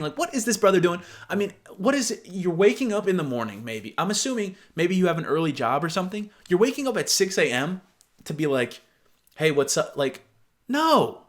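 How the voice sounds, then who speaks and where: Young male host reacting to posts, slightly high voice, swears a lot, disbelieving. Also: big pitch swings, a little fast. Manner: incredulous, profane, laughs often. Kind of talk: casual reaction commentary.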